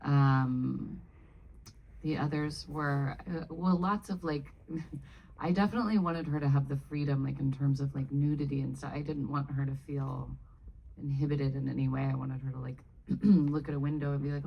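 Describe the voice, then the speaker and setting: A woman's voice: rumbling low, steady tone, moderate pace, gravelly, muffled recording, a little hiss or hum. A woman speaking as a guest on a live Q&A panel, talking casually in rambling, self-interrupting bursts with frequent laughs. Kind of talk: casual Q&A talk. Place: live Q&A panel before an audience.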